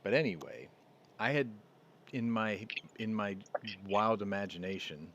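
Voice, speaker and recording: A man's voice: lowish voice, unhurried, highs cut off, a little hiss or hum. A man hosting a podcast, telling a story in a casual way and acting out the voices he quotes. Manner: animated, acts out quoted voices. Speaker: podcast host.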